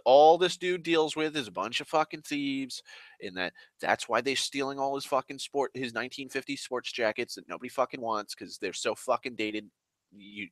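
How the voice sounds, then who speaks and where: A man's voice: medium pitch, pushed and bright, no room sound. A young man telling a long profane story in an exasperated rant, often slipping into other people's voices.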